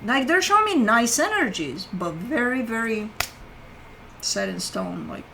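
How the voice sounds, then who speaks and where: A woman's voice: on the high side, big pitch swings, a little slow, background noise. A woman giving a casual weekly tarot reading as the host, swearing freely and chatting loosely as she lays out cards. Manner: swears casually, talks to her pet between cards. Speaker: tarot reader.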